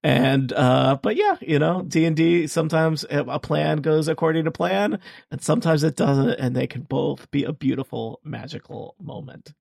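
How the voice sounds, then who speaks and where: A playful man panelist tosses out puns in a gravelly, slightly high voice. The recording is dry and close. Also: normal speed, darkish tone, dry recording. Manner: playful, punning. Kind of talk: casual game chat.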